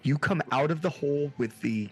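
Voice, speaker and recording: A man running a tabletop horror game online as game master, laid-back and quick to laugh. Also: a little high, darkish tone. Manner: laid-back, laughs often, says dude.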